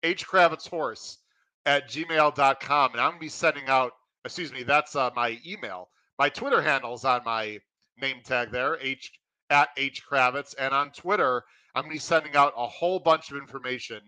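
A man hosting his racing podcast, excitedly welcoming listeners and running through promotions in an energetic, pumped-up way. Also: medium pitch, normal speed, no echo, rough recording. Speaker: podcast host.

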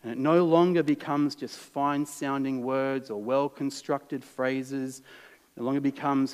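A man with an Australian accent preaching a sermon in a conversational, earnest way, moving between lively and hushed delivery. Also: medium pitch, measured pace, clean tone. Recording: long reverb in a large hall.

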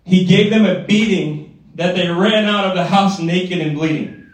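A man preaching a sermon in an energetic, conversational way, often checking in with the room. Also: high voice, a little slow. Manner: energetic, conversational, tag questions. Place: church gathering hall. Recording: echoey hall from far off.

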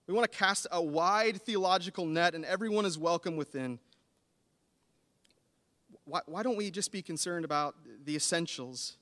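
A man in his thirties preaching a sermon, earnest and building to animated emphasis. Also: high-pitched, normal speed. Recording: long hall reverb.

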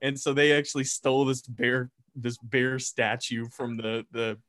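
A man casually telling a camp story on a podcast, animated and swearing as he builds suspense. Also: mid-range voice, measured pace, dry recording, clean studio sound.

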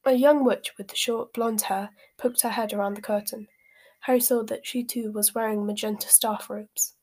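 A woman's voice: a little high, fairly even intonation, moderate pace, a little mellow, breathy edge. A woman reading a novel aloud as an amateur, apologising for her slips. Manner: apologetic, self-deprecating slips. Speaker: amateur reader.

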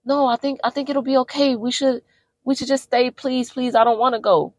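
A woman acting out a young woman who softly pleads to stay, in a quietly stubborn way. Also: high-pitched, steady tone, fairly quick, no echo, pitched above the performer's own voice. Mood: pleading. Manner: soft, pleading.

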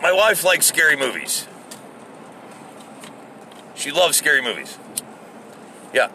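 On his own podcast, a middle-aged man from the United States launches into a casual, exasperated solo rant full of profanity. His voice is a little high, very animated and sharp, delivered at a slow pace. There's a slight hiss or hum in the recording.

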